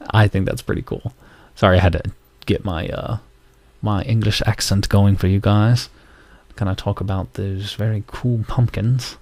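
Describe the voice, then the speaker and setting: Low gravelly man rambling. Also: fairly even intonation, moderate pace, darkish tone, dry recording. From North Carolina. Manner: rambling storytelling with many fillers. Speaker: podcast host. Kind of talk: casual podcast monologue.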